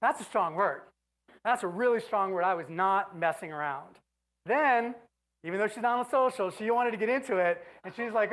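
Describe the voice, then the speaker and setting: A woman giving an animated, exasperated on-stage storytelling speech, now and then breaking into shouts. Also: medium pitch, normal speed, poor audio. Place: stage before an audience.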